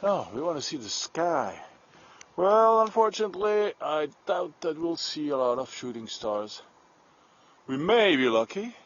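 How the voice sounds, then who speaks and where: Man, chatty and slow. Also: a little high, very animated, dull audio. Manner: chatty, joking, talks to his dog. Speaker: live-stream host. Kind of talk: casual night-walk livestream. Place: outdoors at night on a country road.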